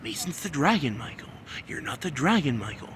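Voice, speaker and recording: A man in a rambling solo monologue, repeating himself and swinging between low muttering and loud, insistent scolding. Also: big pitch swings, brisk, slight background noise. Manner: repetitive, talks about himself in the third person. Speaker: vlogger.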